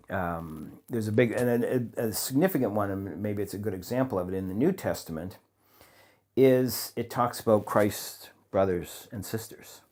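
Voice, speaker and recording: A middle-aged man, a chaplain being interviewed, talking in a thoughtful, earnest way with pauses and fillers. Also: lowish voice, a little mellow. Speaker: chaplain guest. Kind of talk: conversational interview.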